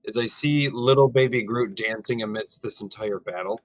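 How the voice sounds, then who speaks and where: A man's voice: on the low side, normal speed, no echo, dull audio. A man playing a tabletop game, chatting in a jokey way. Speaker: player. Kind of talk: casual chat.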